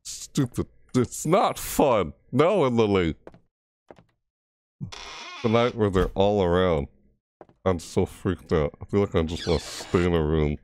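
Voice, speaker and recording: A low-pitched, somewhat mellow man narrates a horror game let's play, speaking animatedly but slowly with long pauses, over a bit of hiss or hum. As a gaming channel host, he grumbles at the game and yelps when the scares get him.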